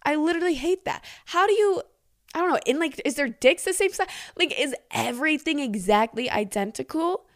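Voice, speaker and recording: A young woman hosting a podcast, reading listener secrets aloud and reacting in a chatty, giggly, animated way. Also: high voice, fairly quick. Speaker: podcast host.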